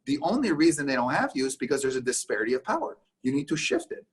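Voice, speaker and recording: A man from Canada talks as a guest on a business podcast, in a husky, slightly rough voice. He speaks emphatically and keeps acting out conversations, switching quickly between voices. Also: fairly high pitch, very animated. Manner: emphatic, acts out conversations in quick back-and-forth. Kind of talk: casual podcast interview.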